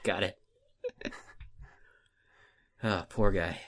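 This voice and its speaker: A man's voice: low-pitched, fairly even intonation, very slow, fairly bright tone. A man co-hosting a casual movie podcast, rambling and self-deprecating with many fillers. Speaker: podcast co-host, film list maker.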